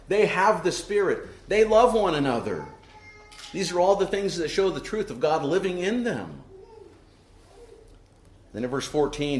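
A man's voice: fairly high pitch, roomy sound. A man delivering a sermon as pastor, earnest and preaching, often tossing in rhetorical "right?" asides to the congregation.

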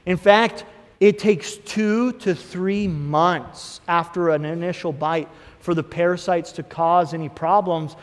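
A man in his thirties preaching a sermon as pastor, swinging between emphatic bursts and quieter asides. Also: a little high, slow pace. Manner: preaching with rising emphatic bursts and acted inner voices. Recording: long hall reverb.

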